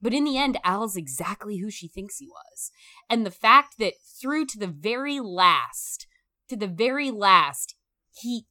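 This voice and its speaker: A woman talking through a film in a casual, emphatic discussion, animated and swearing freely. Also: mid-range voice, a little slow.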